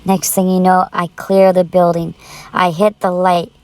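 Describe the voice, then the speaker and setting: A woman's voice: on the low side, flat delivery, unhurried, darkish tone, dry recording. A woman narrating a true scary story in the first person, with a tense, urgent delivery.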